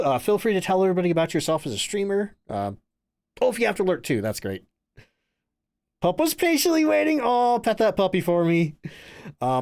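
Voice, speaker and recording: A man streaming a game live, reacting with goofy jokes and sudden exclamations and thanking his chat. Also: high-pitched. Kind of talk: live gameplay commentary.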